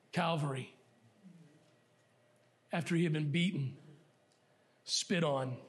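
A middle-aged male pastor preaching a sermon in a church, in a conversational, self-deprecating way with asides to the congregation. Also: sits high. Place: church sanctuary.

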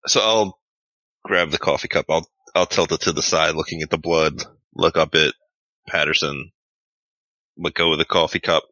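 Very deep-voiced man playing a tabletop game. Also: fairly even intonation, moderate pace, long pauses, bright, forceful tone, dry recording, highs cut off. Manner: casual, profane, hesitant. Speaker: player. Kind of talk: tabletop role-play.

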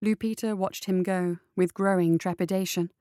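A woman reading a story aloud in steady scripted narration. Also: lowish voice, moderate pace, clean tone, no echo, studio quality. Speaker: audiobook narrator.

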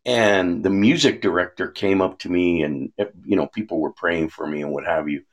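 A man's voice: low voice, fairly even intonation, moderate pace. A man giving an earnest, conversational sermon, telling a personal story and often checking in with his listeners. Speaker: speaker giving a devotional talk.

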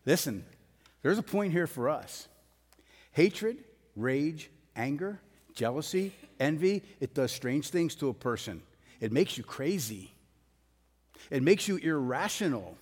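Emphatic pastor in a reverberant hall. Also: male voice, on the high side, breathy edge. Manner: blunt, emphatic, rising to forceful peaks. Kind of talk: sermon.

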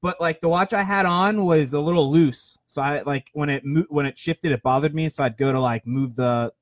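Young man in his 20s, casual rambling host, slightly high voice, dry close mic. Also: moderate pace, dry recording. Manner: rambling, filler-heavy, self-deprecating. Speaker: podcast host. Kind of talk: casual storytelling monologue.

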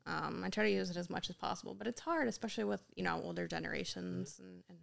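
A young woman in casual podcast chat, telling animated stories and acting out the people she quotes. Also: fairly low pitch, quick pace, vocal fry. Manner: animated storyteller, acts out quotes in Italian.

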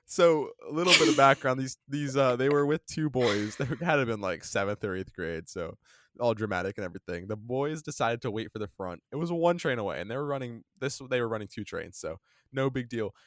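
A young man telling a story in a casual podcast chat, rambling and animated with lots of fillers, in a dry close recording. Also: medium pitch, brisk, no echo. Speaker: podcast co-host.

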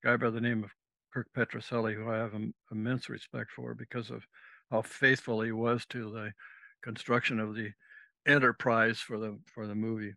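A man's voice: lowish voice, little pitch movement, moderate pace, creaky, bright, forceful tone, no room sound. A man, a former navy officer, telling a rambling, casual story as a podcast guest and acting out the lines of the people in it. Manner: rambling, acts out quoted dialogue.

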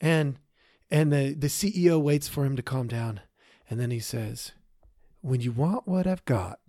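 A man tells a long story on a podcast, stopping often for fillers and restarts. His voice sits at a middle pitch and is recorded close and dry, with no room sound. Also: expressive, measured pace, warm tone, no echo. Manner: rambling, many fillers and restarts. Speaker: podcast co-host. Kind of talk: casual storytelling.

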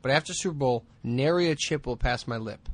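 Podcast co-host, male, mid-pitched, dry close sound, jokey rambling storyteller. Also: a little fast, no echo. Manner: jokey, rambling, laughs often. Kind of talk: casual chat.

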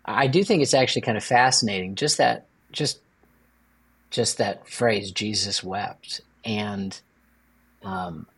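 A man's voice: unhurried, long pauses, fairly bright tone, slightly rough. A man co-hosting a faith podcast as a priest, chatting casually and joking with playful asides. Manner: playful, jokes with sudden high-pitched asides.

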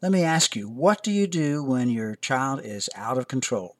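Brief: male host, scripted parenting narration, calm and measured, clean studio mic. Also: medium pitch.

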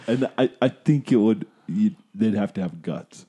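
A man interviewing in a relaxed chat, answering with short agreeing replies. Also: on the low side, a little slow, husky. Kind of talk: casual chat.

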